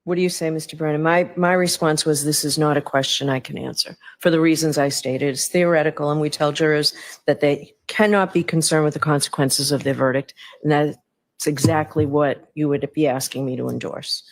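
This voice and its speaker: A judge speaks from the bench in a firm, deliberate way, weighing the lawyers' points and then ruling on them. The voice sits at a middle pitch. The delivery is measured and steady, without hurry. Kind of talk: courtroom ruling. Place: courtroom.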